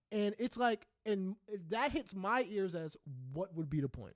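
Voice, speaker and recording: Young guy on a podcast, kinda high voice, dry sound, cusses a lot, keeps going "right?". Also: a little slow, hardly any pauses, no echo. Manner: candid, swears freely, often tags lines with "right?"; rises into loud animated ranting. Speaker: podcast co-host. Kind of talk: casual podcast chat.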